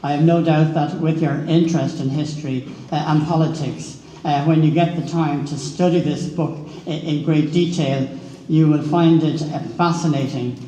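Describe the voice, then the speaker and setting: A middle-aged Irish man giving a formal speech at a book launch, pausing often with filler sounds. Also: a little high, fairly even intonation, mellow. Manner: hesitant, many filler sounds. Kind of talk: formal speech reading out quotes. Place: large echoey hall. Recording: echoey hall with long reverb.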